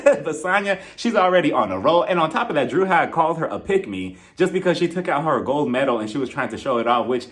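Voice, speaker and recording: A lively man recapping a reality show in a gossipy vlog. His voice is a bit high and bounces all over the place, and he laughs easily as he talks. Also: fast. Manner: animated and gossipy, laughs often, slips into voices.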